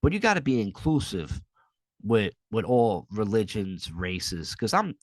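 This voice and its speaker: A man's voice: on the low side, big pitch swings, a little slow, dry recording. A young adult man hosting a podcast solo, telling a rambling, profane story in a casual way. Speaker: podcast host.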